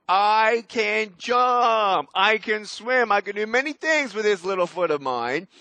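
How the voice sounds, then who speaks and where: An energetic man in his thirties delivers a motivational keynote, his high, bright voice ringing out as he punches key words and bursts into loud calls. The sound is dry and close, with no room around it. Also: dry recording. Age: 30s. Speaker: motivational speaker. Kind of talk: keynote speech.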